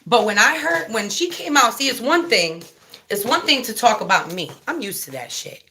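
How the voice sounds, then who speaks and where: Bright-voiced woman ranting bluntly. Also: a little high, big pitch swings, moderate pace, husky. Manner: blunt, profane, heated; chats directly with viewers. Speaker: YouTube commentary vlogger. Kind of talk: casual live-stream rant.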